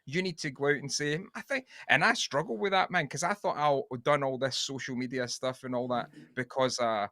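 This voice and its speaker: A man's voice: mid-range voice, a little fast, few pauses, pushed and bright, no echo. A Scottish man co-hosting a podcast, rambling and sweary in casual chat. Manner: rambling and sweary, with many restarts. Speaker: podcast co-host.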